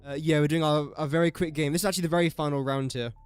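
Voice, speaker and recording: A young man with an English accent talks through his gameplay in a loose, rambling live-stream style, joking at his own expense and half-muttering his guesses. His voice sits a little higher than most men's, with faint music playing underneath. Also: fairly even intonation, rapid-fire, clear, resonant tone, no echo. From England. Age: young adult. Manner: chatty, self-mocking, mutters while guessing. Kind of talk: casual live-stream commentary.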